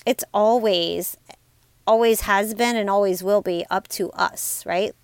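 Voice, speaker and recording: A woman's voice: medium pitch, measured pace, smooth, no echo. A woman in her forties hosting a motivational podcast, talking in an upbeat, chatty way and often calling her listeners "you guys". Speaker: podcast host and life coach. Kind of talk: casual motivational podcast talk.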